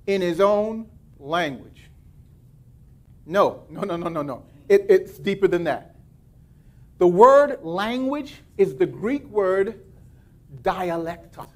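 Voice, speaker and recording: A male pastor preaching a sermon, reading scripture and breaking off into lively asides. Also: sits high.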